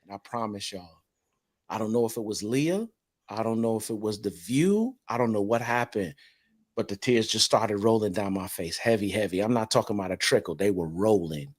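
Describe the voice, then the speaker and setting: A man hosting a casual conversation, emphatic and expressive, often repeating his words. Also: lowish voice, moderate pace. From North Carolina. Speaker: podcast host. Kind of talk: casual chat.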